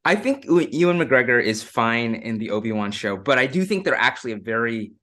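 A man's voice: medium pitch, big pitch swings, brisk, pushed and bright. A man talking in a casual podcast chat, thoughtful and explaining at length.

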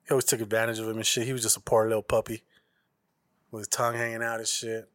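A man's voice: on the low side, completely flat delivery, quick pace, dry recording. Man, podcast host, slangy, cussing, rambling casual chat, dry sound.

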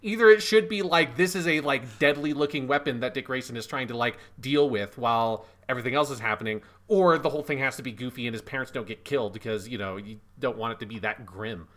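A man's voice: medium pitch, fast talker, few pauses, fairly bright tone. A man co-hosting a podcast, chatting casually about a movie in an emphatic, profane way. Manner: emphatic, profane, laughs at the film. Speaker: podcast co-host. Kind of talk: casual film review chat.

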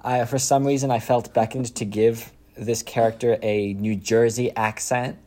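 A young man chatting casually in an interview, rambling and restarting with quick laughs. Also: mid-range voice, steady tone, dark tone. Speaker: content creator making comedy skits.

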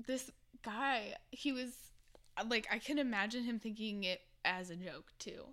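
A woman's voice: fairly high pitch, unhurried, fairly bright tone. A woman hosting a casual podcast, reacting in surprise and trailing off mid-sentence. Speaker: podcast host.

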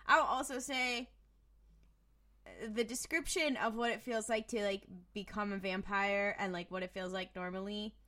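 A woman co-hosts a podcast in casual chat, tossing in wry, joking asides. Her mid-range voice is bright and forceful, with fairly even intonation and a moderate pace.

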